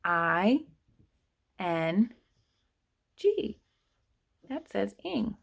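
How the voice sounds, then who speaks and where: A woman's voice: mid-range voice, big pitch swings, slow pace, vocal fry, long pauses, pushed and bright. A woman teaching an online kindergarten writing lesson, patiently sounding out letters and words for young children.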